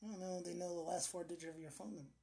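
A man's voice: high voice, steady tone, very fast, vocal fry, warm tone, a little hiss or hum. A man co-hosting a podcast in casual chat, telling rambling stories that trail off. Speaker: podcast co-host.

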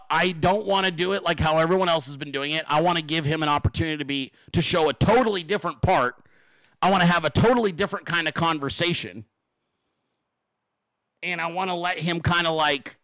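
A man hosting a casual solo talk show, excitable and rambling, swearing freely and full of fillers. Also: a little high, a little fast, no echo. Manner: excitable, profane, rambling with many fillers and laughs. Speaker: podcast host.

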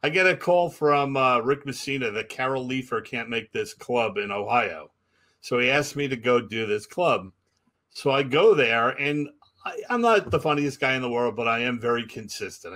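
A man's voice: medium pitch, pushed and bright. A man co-hosting a comedy podcast, telling a self-deprecating story and acting out the dialogue. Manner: self-deprecating, plays both sides of dialogue. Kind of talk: casual chat, storytelling.

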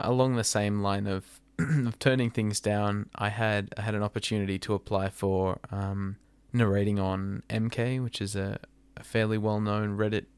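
A man's voice: lowish voice, clear, resonant tone, dry recording. A man with an Australian accent, hosting a casual podcast chat, often stumbling and restarting his sentences. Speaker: podcast host.

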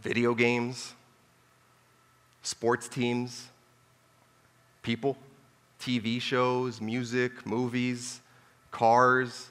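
A man preaches a sermon in a loose, chatty style, full of asides and repeated phrases. His voice is bright and forceful. It carries a long reverb from a church hall. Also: mid-range voice, monotone, extremely slow, pauses often, clear, resonant tone. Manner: conversational, joking asides, repeats for emphasis.

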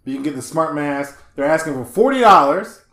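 A man's voice: on the high side, fairly quick, reverberant. A man co-hosting a casual podcast chat, telling stories with lots of swearing and laughter. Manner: animated, profane, laughing storyteller. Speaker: podcast co-host.

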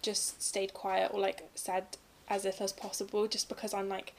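A young woman from England talks in a relaxed, chatty way, circling her points with fillers. Her voice has a gravelly, fried edge. She sits at an ordinary middle pitch. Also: moderate pace. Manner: chatty, thoughtful, lots of fillers. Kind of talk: casual chat.

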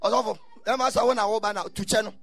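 A man preaching a sermon, telling stories and breaking into shouted bursts. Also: sits high, fairly even intonation, very fast, vocal fry, dry recording, faint music behind. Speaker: pastor.

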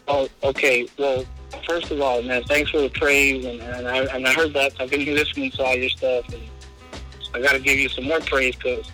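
Bright-voiced man telling a lively story. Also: mid-range voice, normal speed, soft background music, poor audio. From Southern California. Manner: lively storyteller, peppers speech with "man" and "you know". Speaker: high school basketball coach. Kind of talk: casual podcast interview.

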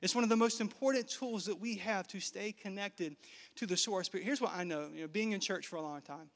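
A man in his thirties from Nigeria, a pastor preaching a lively, joking sermon to a live congregation. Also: sits high, a little fast. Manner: lively, joking, engages the crowd. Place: large hall with live congregation. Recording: reverberant church hall.

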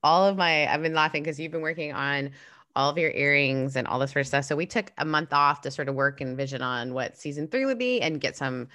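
A woman's voice: low voice, brisk, fairly bright tone, no room sound. A woman co-hosting a podcast in casual chat, tired, chatty and laughing easily, often restarting her sentences. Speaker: podcast co-host.

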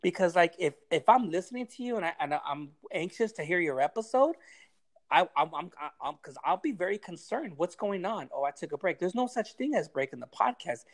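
A man's voice: high voice, very animated, a little fast. A man on a podcast giving a blunt, heavily profane pep talk in casual chat. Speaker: podcast guest giving advice.

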